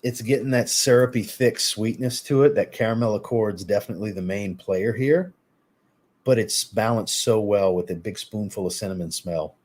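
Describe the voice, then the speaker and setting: Low-voiced man chatting on a live stream. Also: moderate pace. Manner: relaxed, chatty, answers live chat. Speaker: fragrance reviewer hosting a live stream. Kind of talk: casual live-stream chat.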